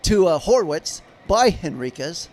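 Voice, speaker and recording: A man's voice: a little high, very animated, a little slow, a little mellow. A man giving live play-by-play of a baseball game on a stream, chatting in rambling asides with viewers. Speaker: livestream baseball commentator.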